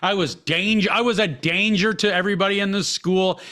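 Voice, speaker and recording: A man's voice: high voice, moderate pace, sharp tone. A man hosting a podcast, telling a personal story in a heated, blunt way with constant swearing. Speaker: podcast host.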